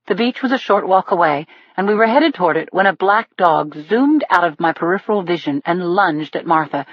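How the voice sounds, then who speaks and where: A woman narrating a thriller audiobook in the first person, in a steady storytelling manner. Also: lowish voice, no echo. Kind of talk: scripted narration. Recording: dull lo-fi dry recording.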